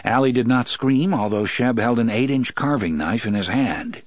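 In this scripted narration, a man with a mid-range voice reads an audiobook in a measured storytelling manner. There is no echo.

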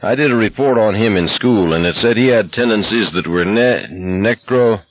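A man's voice: fairly low pitch, normal speed, dry recording, lo-fi sound, voice pushed up, close to an everyday voice. A male reader voicing an earnest young man who hesitates and stumbles over a hard word.

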